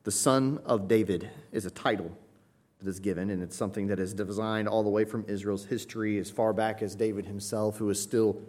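A man's voice: lowish voice, darkish tone. A man preaching an expository sermon in a conversational teaching manner, rising to emphatic cries when he voices the pleas he quotes. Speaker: pastor.

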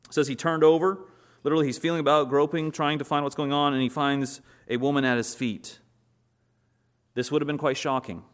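A male pastor preaching a sermon, acting out quotes in animated storytelling with a son at home. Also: fairly high pitch, a little fast.

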